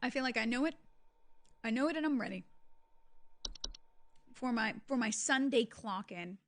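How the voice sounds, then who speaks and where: A woman's voice: a little high, animated, moderate pace. A woman streaming a game in casual, chatty commentary, easily startled into gasps and squeals.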